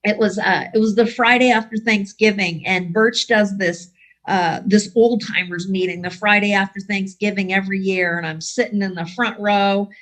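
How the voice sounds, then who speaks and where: A woman's voice: mid-range voice, fairly even intonation, normal speed, fairly bright tone, poor audio. Middle-aged woman, recovery speaker, dry self-mocking humor, video-call audio. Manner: wry, self-deprecating humor. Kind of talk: recovery share storytelling. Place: home, online meeting.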